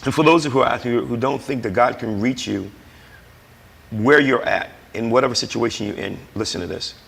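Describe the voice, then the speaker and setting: A man's voice: mid-range voice, moderate pace, creaky, fairly bright tone, breathy edge, long reverb tail. A man, a guest, telling his recovery testimony in an emphatic, preacher-like way and acting out the dialogue he quotes. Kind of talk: personal testimony in conversation.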